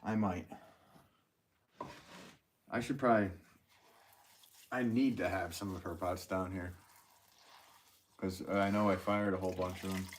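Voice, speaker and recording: A man's voice: low voice, fairly even intonation, unhurried, pauses often, slight background noise. A man hosting a live pottery stream from his studio, rambling and joking as he reads out viewer comments while he works. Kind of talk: casual live-stream chat.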